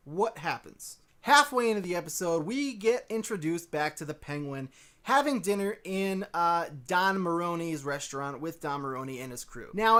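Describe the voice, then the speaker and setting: A man reviewing a TV episode in a casual, animated and sarcastic way. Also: high-pitched. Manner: animated, sarcastic, jumps between excitement and annoyance. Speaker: TV show reviewer.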